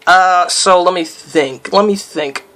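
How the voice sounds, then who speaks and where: Bright-voiced rambling gamer guy. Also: high voice, takes it slowly. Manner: rambling, loose talk full of fillers; breaks off into startled yelps at the game. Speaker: let's player. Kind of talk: casual gameplay commentary.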